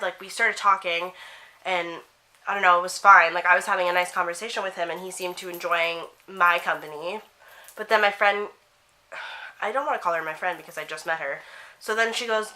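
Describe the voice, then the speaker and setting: A young woman from Canada telling a story to camera, animated, acting out the quotes and saying "like" a lot. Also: mid-range voice, moderate pace, poor audio. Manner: animated, acts out quotes, heavy use of "like". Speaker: vlogger. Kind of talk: chatty storytelling while getting ready.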